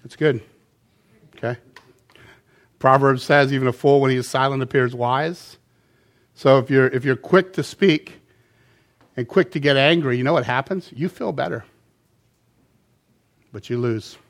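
Middle-aged male pastor mid-sermon, lively delivery with sudden loud and soft swings. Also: medium pitch, unhurried, long pauses. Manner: animated, swinging between loud emphasis and quiet asides.

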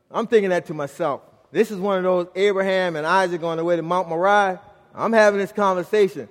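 A middle-aged man preaching a sermon as pastor, telling a family story and swinging from loud to hushed. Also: high voice, moderate pace, long reverb tail.

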